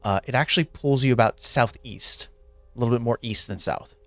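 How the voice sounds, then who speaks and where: A man narrates as game master of a tabletop game, with a mid-pitched voice recorded dry and close. He rambles with many filler words, and soft music plays behind him. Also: fairly quick, dry recording.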